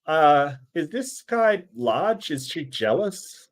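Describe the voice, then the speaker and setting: A man's voice: fairly high pitch, big pitch swings, slow pace. Sarcastic Australian man reacting to clips. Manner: sarcastic, mocking. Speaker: commentary host. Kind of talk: reaction commentary.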